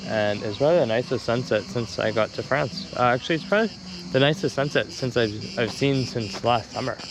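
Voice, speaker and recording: A young man filming himself on an action camera while he walks hillside streets at dusk, talking to it in a rambling, joking way. His voice sits at an ordinary middle pitch. Faint crickets chirp behind him. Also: a little fast, noisy background. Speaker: travel vlogger. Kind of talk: casual vlog talk to camera. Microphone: handheld action camera.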